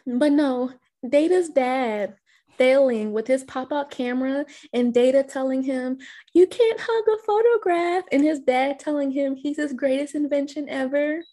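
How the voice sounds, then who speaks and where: A woman's voice: sits high, steady tone, unhurried, warm tone. A woman co-hosting a casual movie podcast, recapping scenes with playful jokes. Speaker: podcast co-host.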